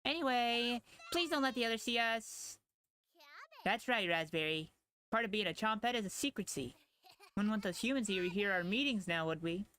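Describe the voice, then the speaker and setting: A male streamer voicing a small, secretive female food creature who talks in a hushed, conspiratorial way and turns coldly scornful. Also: sits high, lively intonation, normal speed, slight background noise, voice pushed up.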